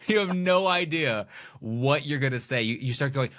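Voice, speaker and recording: Lively, playful man giving advice. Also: mid-range voice, a little fast. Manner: lively, playful, acts out quoted dialogue. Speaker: podcast guest, magician and speaker. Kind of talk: animated conversational interview.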